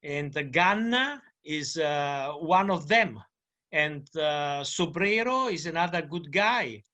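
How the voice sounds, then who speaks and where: An Italian-accented man answers questions slowly in English, searching for his words with frequent pauses and fillers. His voice is bright and a little high for a man. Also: lively intonation. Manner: halting, many fillers and restarts. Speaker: Italian cycling journalist guest. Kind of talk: podcast interview.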